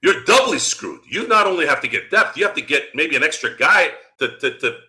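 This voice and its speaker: Fired-up man ranting on a podcast, bright voice. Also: fairly high pitch, very animated, fairly quick. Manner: profane and combative, jabbing at critics. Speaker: podcast host. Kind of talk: heated sports podcast rant.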